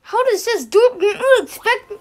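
High-pitched, stammering, foul-mouthed reaction host. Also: expressive, measured pace, darkish tone. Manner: stammering, swearing, exasperated. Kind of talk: casual reaction commentary.

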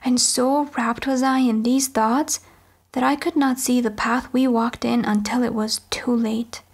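A woman reading a novel aloud as an audiobook, in measured first-person storytelling. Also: a little high, steady tone, husky. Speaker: audiobook reader. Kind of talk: audiobook narration.

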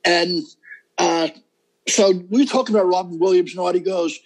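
A man's voice: sits high, fairly even intonation, normal speed, poor audio. A middle-aged man, a comedian guest, talking emphatically and rambling in a casual interview, often seeking agreement.

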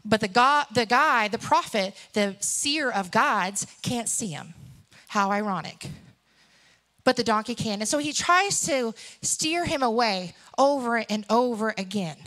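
A woman's voice: fairly high pitch, animated, measured pace, sharp tone. A woman in her thirties preaching a sermon, telling stories and acting out the characters. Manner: storytelling, acts out characters.

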